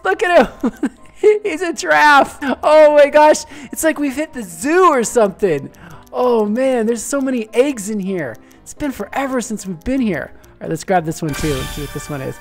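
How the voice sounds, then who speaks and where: A woman hosting a gaming video, giving excited gameplay commentary with gasps, squeals and playful sound effects. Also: high-pitched.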